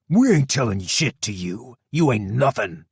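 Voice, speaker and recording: A man's voice: fairly low pitch, animated, moderate pace, husky, dry recording, studio quality. A man voicing a big crude brute who turns to blubbering pleas, in an audiobook. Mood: hostile. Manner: loud and crude, pleading tearfully.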